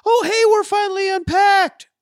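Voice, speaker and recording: A man's voice: very high-pitched, fairly even intonation, moderate pace, no room sound, clean studio sound, voice pushed up. A man voicing a chipper cartoon superhero mom who keeps up a forced cheerful, sing-song manner.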